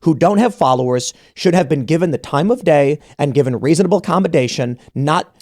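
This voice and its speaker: A man's voice: on the high side, lively intonation, brisk, darkish tone. A man hosting a podcast, telling a story in casual conversation and acting out the quoted exchanges, often restarting his sentences. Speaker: podcast host.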